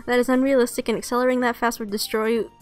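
A woman voicing a stubborn, precise teenage schoolgirl who scolds and yells indignantly, with a put-on hoarseness. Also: fairly high pitch, little pitch movement, rapid-fire, faint music behind, natural voice. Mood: scolding. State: putting on a hoarse voice for a sick character.

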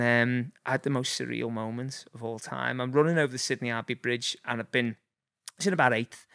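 A man's voice: mid-range voice, creaky, a bit bright, dry recording, studio quality. A man in his forties with a Liverpool accent, telling rambling anecdotes as a guest, full of fillers and chuckles. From Liverpool, England. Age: 40s. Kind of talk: casual storytelling.

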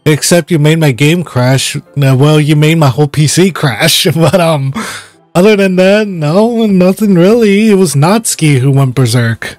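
A man's voice: on the high side, a little slow, a little mellow, no echo, soft background music. A man giving casual let's-play commentary, swearing and laughing while he reads game dialogue aloud. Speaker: gaming channel host.

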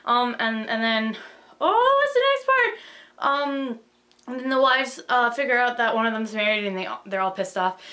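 A young woman rushing through a casual plot summary, rambling with lots of fillers and self-corrections, bubbly and flustered. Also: on the high side, steady tone, bright, forceful tone. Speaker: video host.

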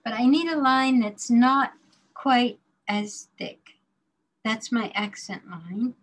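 A woman leads a drawing demonstration for her class, talking slowly and deliberately as she works. Her voice sits a little high, and she sometimes drops to a murmur to herself while she draws. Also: a bit bright, low-quality recording. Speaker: design drawing instructor.

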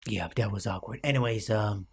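A man's voice: lowish voice, a little fast, vocal fry, husky. Rambling young man with cracking voice. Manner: self-mocking, rambling, full of fillers. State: voice cracking late at night. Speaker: gaming YouTuber. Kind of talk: rambling gameplay commentary.

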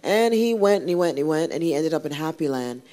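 Her deep, mellow voice is expressive and moves at a quick pace. A singer appearing as a guest on an interview show, she talks casually, rambling through a story and restarting many times.

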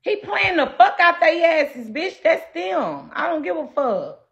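Brash high-voiced woman ranting at chat. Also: big pitch swings, a little slow, lo-fi sound. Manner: brash and profane; loud and combative. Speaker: livestreamer.

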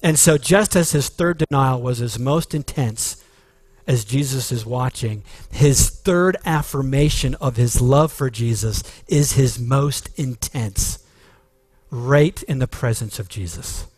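Slow earnest male preacher. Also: mid-range voice, darkish tone, dry recording. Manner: earnest, emphatic preaching with restarts. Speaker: pastor. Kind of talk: sermon.

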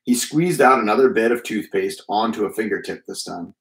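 A man reading a children's book aloud in a calm, measured way. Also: fairly low pitch, creaky, roomy sound, low-quality recording. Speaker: reader.

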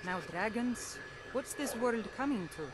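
An actress playing a calm, practical village woman in a fantasy video game, speaking matter-of-factly. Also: fairly high pitch, unhurried. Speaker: game character.

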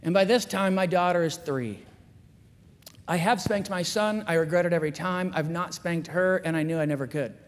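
A man giving a candid, self-mocking, animated storytelling talk at a school chapel. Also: high-pitched, normal speed. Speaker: chapel speaker. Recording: long reverb of a large chapel.

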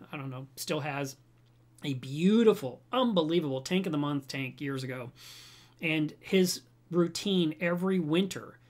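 A man hosting a home livestream about reef aquariums, chatting casually to his webcam and telling stories in an animated way. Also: fairly high pitch. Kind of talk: casual livestream chat, reading viewer comments.

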